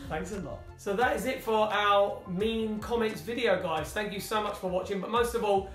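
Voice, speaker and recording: A man's voice: sits high, normal speed, a bit bright. A British man in a family vlog, casually reading comments aloud with dry, teasing humour. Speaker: family vlogger. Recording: echoey room, faint music.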